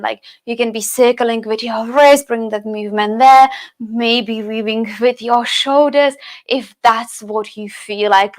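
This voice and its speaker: A woman teaching a chair burlesque fitness class, counting beats aloud with encouraging, sing-song cues. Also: a little high. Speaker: dance fitness instructor.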